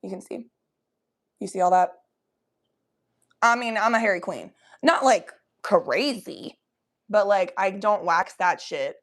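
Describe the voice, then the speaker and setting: Young woman livestream host, casual and stoned, giggly and profane, mid-pitched with a creaky, gravelly edge. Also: measured pace, long pauses. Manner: giggly, profane, loose and chatty. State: high from smoking weed. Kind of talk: casual chat reading viewer comments.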